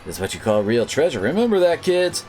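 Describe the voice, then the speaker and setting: A man putting on a theatrical male game barker, loud and hawking, bouncy pitch, faint game music. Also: very animated, fast talker, lightly acted. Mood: showy.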